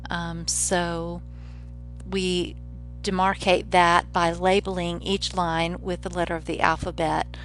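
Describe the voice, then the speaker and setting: A woman professor lectures on the sound of a poem, steady and explanatory. Her voice sits a bit low, and she slows right down whenever she reads a line aloud. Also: faint music behind. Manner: measured, explanatory, slows down to read poetry lines aloud. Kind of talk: recorded literature lecture.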